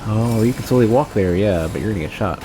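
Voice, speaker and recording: Low-voiced man muttering game commentary. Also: fast, background noise. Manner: muttering reactions, thinking aloud about game stats. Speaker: streamer. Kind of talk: casual gameplay commentary.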